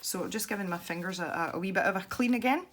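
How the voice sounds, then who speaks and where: At a quick pace, a Scottish woman with a mid-range voice chats casually for her channel while demonstrating how to colour with an art technique. She rambles along and laughs easily.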